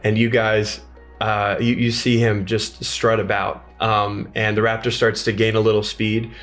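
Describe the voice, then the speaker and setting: A man narrating a tabletop game as game master, halting, with many fillers. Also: lowish voice, monotone, fairly bright tone, faint music behind.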